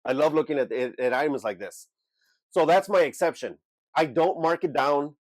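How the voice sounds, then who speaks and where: An eBay reseller speaks straight to his viewers in an unscripted talking-head vlog on his own channel, blunt and emphatic. His voice is fairly high and at normal speed, with no echo.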